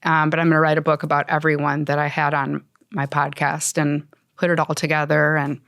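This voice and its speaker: A woman hosts a podcast conversation, affirming and encouraging her guest. Her voice is smooth and clear, recorded dry and close. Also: low voice, level tone, fairly quick, a bit bright, no room sound. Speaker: podcast host.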